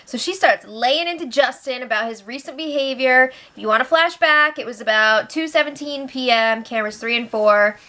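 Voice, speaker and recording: A woman's voice: high voice, normal speed, few pauses, bright, forceful tone. A woman hosting a casual spoilers recap to camera, chatty and giggly as she acts out what others said. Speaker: host of a reality show recap channel.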